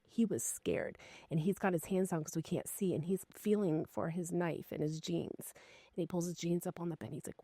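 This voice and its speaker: A woman in her fifties with a low, gravelly voice, telling a personal ghost story in a lively podcast chat. She swears freely and gets animated as the story builds. The sound is dry and close. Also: a little fast, dry recording. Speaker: podcast co-host.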